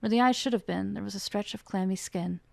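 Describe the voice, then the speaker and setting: Woman with a gravelly voice reading fiction. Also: medium pitch, fast talker, darkish tone, dry recording. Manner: reads the characters' lines with rising emotion. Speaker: author reading her own book.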